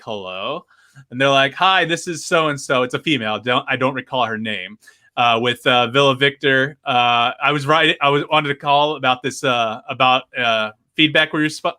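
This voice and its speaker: A man's voice: medium pitch, moderate pace, pushed and bright. A man on a podcast telling a long complaint story, acting out both sides of a phone call. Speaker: podcast host. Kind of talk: casual podcast chat.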